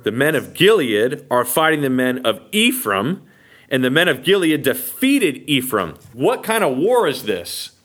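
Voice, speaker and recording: An American man teaches the Bible verse by verse, animated and acting out quotes while asking listeners if they're okay. He speaks at medium pitch and a measured pace.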